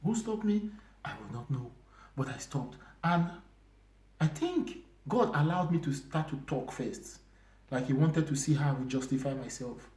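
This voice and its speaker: A man giving an emotional personal testimony, moving between loud emphasis and hushed whispers and repeating his phrases. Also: a little high, expressive, normal speed. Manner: repetitive, restarting phrases. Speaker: church brother giving testimony.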